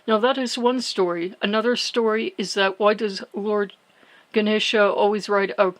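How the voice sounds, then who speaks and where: A woman speaking on her own devotional vlog, working through a sacred story with many pauses, fillers and restarts. Her voice sits at an ordinary middle pitch. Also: steady tone, rough recording. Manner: halting, full of "you know" fillers and restarts. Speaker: spiritual channel host.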